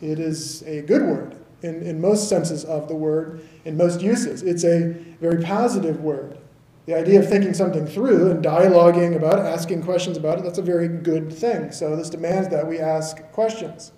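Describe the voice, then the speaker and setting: A man's voice: on the high side, fairly even intonation, moderate pace, mellow, echoey room, low-quality recording. A man in his thirties from the American South, preaching a conversational sermon and often checking in with the congregation. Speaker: pastor.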